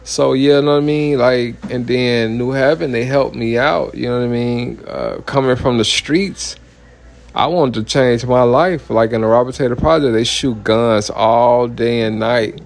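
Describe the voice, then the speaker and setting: A man's voice: medium pitch, steady tone, moderate pace, vocal fry. A man, a minister giving a heated, blunt personal testimony full of profanity and repeated "you know what I mean".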